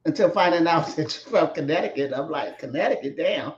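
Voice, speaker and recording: As a guest in a casual conversation, a woman with a low, slightly quick voice speaks frankly and fires off pointed questions. The recording sounds echoey and dull.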